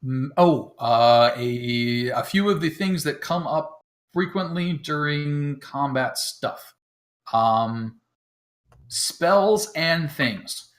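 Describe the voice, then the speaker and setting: A game master with a fairly high voice and lively intonation speaks very slowly as he runs a tabletop game. Chatty and quick to poke fun at himself, he explains the rules casually, scattering plenty of ums along the way.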